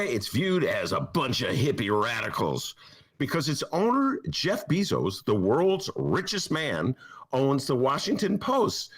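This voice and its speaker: A man hosting a comedic political talk show from his apartment, sarcastic and mocking. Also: fairly low pitch. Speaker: host and newspaper columnist. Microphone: headphones and mic.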